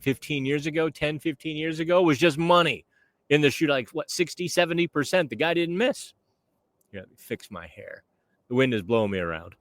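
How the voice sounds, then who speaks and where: A man's voice: mid-range voice, no room sound. Chatty man talking outdoors in the wind. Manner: chatty, conversational. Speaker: podcast host. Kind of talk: casual on-camera chat.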